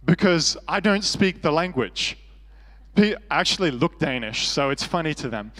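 A man's voice: on the high side, lively intonation, moderate pace, a bit bright, big-room sound. An Australian man preaching a sermon as pastor, earnest and conversational with self-deprecating humor.

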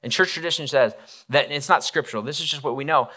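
A man's voice: a little high, fast, sharp tone. A man preaching a casual, conversational sermon, retelling a story with acted-out quotes and frequent restarts. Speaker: pastor.

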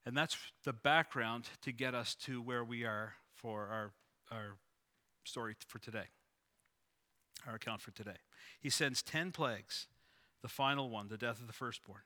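A man's voice: medium pitch, steady tone, moderate pace, bright, forceful tone. A middle-aged male pastor preaching a sermon in a conversational way, with restarts and repeated phrases.

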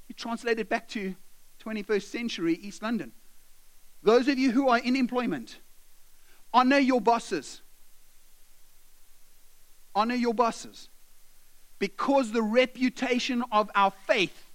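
A man with a high voice preaches in a church. He talks to the congregation as if chatting with them, addressing them directly and casually. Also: measured pace, pauses often, a bit bright. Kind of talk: sermon.

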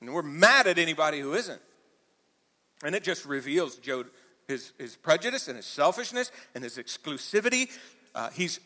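A man preaching a sermon to a church, talking conversationally, dropping to quiet asides and rising to loud emphatic peaks. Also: on the high side, expressive, normal speed, long reverb tail. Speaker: pastor. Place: church auditorium.

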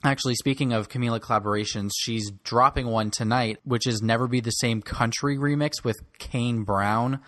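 A man's voice: mid-range voice, fairly even intonation, moderate pace, few pauses, a bit bright, no echo. A young man giving blunt, snarky opinions on pop music as host of a solo commentary show. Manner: snarky and blunt, rants about artists.

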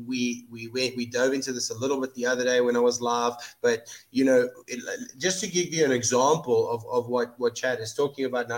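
A man hosting a podcast, talking through scripture in an earnest, casual way and often repeating words while he thinks. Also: mid-range voice. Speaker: podcast host. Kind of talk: casual Bible discussion.

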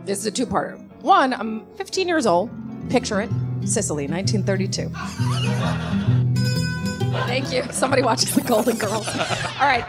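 A young woman, a comedy writer, telling funny stories in a lively, laughing way and acting out the people in them. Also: on the high side, moderate pace, long pauses, over loud music. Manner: animated, laughs often, acts out voices in her stories. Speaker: comedy writer and guest storyteller. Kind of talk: casual comedic storytelling before a live audience.

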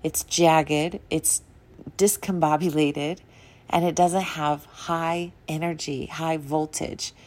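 A young woman hosts a podcast, speaking slowly in a deep, slightly mellow voice with fairly even intonation. She rambles earnestly and emotionally about wellness and spirituality, her sentences wandering and broken up by laughs.

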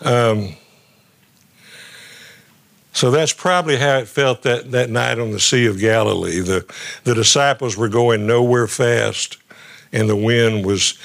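Halting, conversational male preacher. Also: mid-range voice, vocal fry, a bit bright. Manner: halting, repeats words often, conversational preaching. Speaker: guest pastor. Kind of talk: sermon.

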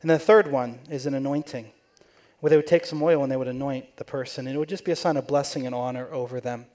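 A man's voice: mid-range voice, steady tone, fast, dark tone. A man preaching in church, telling the story conversationally and acting out the quoted voices. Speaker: pastor. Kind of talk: sermon.

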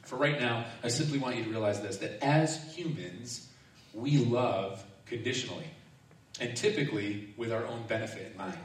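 A man preaching a sermon in a relaxed, self-mocking storytelling manner, often laughing as he speaks. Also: medium pitch, normal speed. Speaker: pastor. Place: large echoing hall or sanctuary. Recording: echoey room, distant mic, faint noise.

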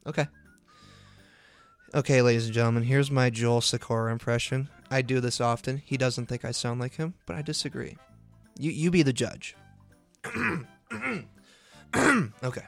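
A man's voice: mid-range voice, steady tone, normal speed, faint music behind. Playful teasing man co-hosting a podcast. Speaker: podcast co-host. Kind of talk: casual podcast chat.

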